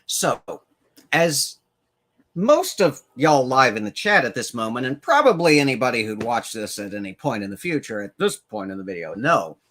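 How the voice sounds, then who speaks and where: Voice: medium pitch, sing-song, normal speed, fairly bright tone. A co-host telling a story in casual chat, wry and profane.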